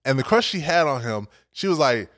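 A man preaching to young adults, reading scripture and telling stories in a conversational, energetic way. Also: mid-range voice, a little fast, no room sound, studio quality. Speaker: young adult ministry speaker.

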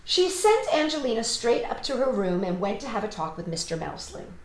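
A woman and children's entertainer reading a picture book aloud, with animated storytelling and asides to the kids. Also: a little high, a little fast. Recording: roomy echo.

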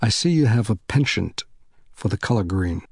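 Brief: male reader playing gracious, softly deliberate rabbi, low husky tone. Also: lively intonation, dry recording, studio quality, full character voice. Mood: gracious, measured. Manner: soft, measured, deliberate speech. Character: tall, severe, gracious older male rabbi.

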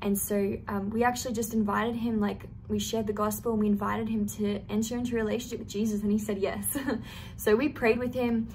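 A woman's voice: mid-range voice, level tone, fairly quick, darkish tone, slight background noise. A young woman telling a personal faith testimony in an earnest, storytelling way, with casual fillers. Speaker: youth testimony speaker.

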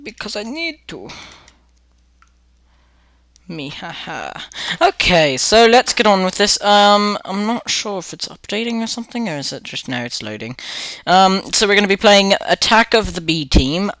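A man's voice: high-pitched, big pitch swings, normal speed, fairly bright tone, no echo. A man hosting casual gameplay commentary, rambling with lots of fillers while putting on an accent. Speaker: gaming channel host.

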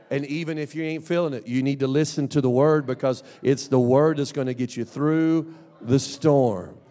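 A man preaching a sermon as pastor, swinging from loud shouts to low mumbled asides. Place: church sanctuary. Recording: long church hall reverb.

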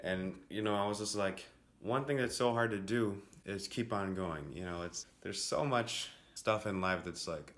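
Speaking at a moderate pace in an echoey room, a lowish-voiced man with Jamaican and Brazilian family roots explains how he produced his song. It's a laid-back walkthrough, rambling and packed with fillers.

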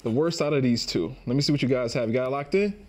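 A man hosting a casual talk show, upbeat and quick to laugh. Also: medium pitch, a little mellow. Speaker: host. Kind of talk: casual podcast chat.

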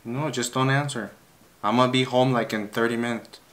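A man's voice: mid-range voice, steady tone, fairly quick, fairly bright tone. A man on a casual phone call, mixing English and Spanish as he plays along with a prank. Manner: code-switching between English and Spanish. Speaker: vlogger playing along with a prank.

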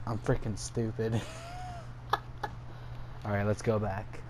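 A man's voice: fairly low pitch, moderate pace. A young man giving casual let's-play commentary, exasperated, swearing and laughing at his own mistakes, recorded late at night at home. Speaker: gameplay commentator. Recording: steady background noise.

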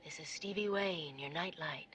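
Late-night radio DJ, soft on-air voice, lowish pitch, faint hiss behind, film clip. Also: female voice, normal speed. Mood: soothing. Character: calm woman night-time radio DJ, intimate and smooth.

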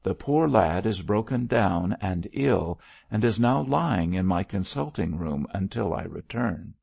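Blunt doctor, firm and exhorting, voiced by a male narrator; low, lively delivery. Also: measured pace, gravelly, no room sound, muffled recording, exaggerated voice.

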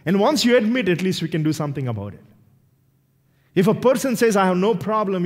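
A male pastor preaching a sermon with animated delivery, acting out little quoted voices as he goes. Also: sits high, a little fast. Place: church sanctuary. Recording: long hall reverb in a church.

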